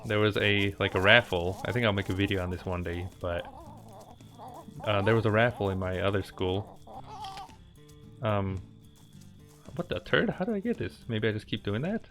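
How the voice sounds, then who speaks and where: A man with a fairly low voice talks his way through a game, drifting between a long story and quick reactions to what's on screen. His delivery is loose and chatty, with laughs and asides, and faint game music plays underneath. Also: animated, a bit bright. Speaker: gaming channel host. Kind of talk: casual gameplay commentary with storytelling.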